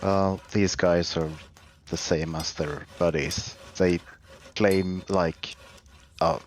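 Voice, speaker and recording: A man's voice: sits low, fairly even intonation, slow, a little hiss or hum. A man co-hosting a casual livestream chat, laid-back, with short dry remarks that trail off. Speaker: co-host.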